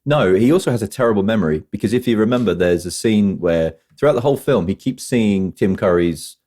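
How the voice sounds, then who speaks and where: A man's voice: lowish voice, lively intonation, fairly quick, dark tone. A man hosting a casual film review podcast, chatty and full of trivia, quoting lines in put-on voices. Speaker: podcast host.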